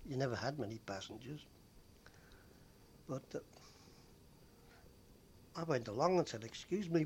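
An older man telling stories from his days as a bus conductor, rambling with frequent pauses and fillers. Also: mid-range voice, a little mellow, a little hiss or hum. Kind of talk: oral history reminiscence.

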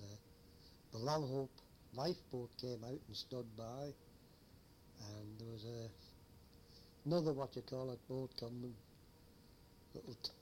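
A former lighthouse keeper, an older man of medium pitch and a somewhat mellow tone, rambles through an old tale with chuckles. A little hiss or hum sits in this oral history recording.

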